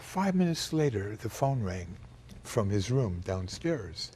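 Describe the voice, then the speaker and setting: A man recounting a personal memory in an emotional, halting way, pausing and restarting as he goes. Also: lowish voice, big pitch swings, a little mellow, husky. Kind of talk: personal storytelling.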